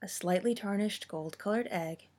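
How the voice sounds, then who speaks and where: A woman narrating a story with a steady, expressive reading. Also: medium pitch, normal speed, husky.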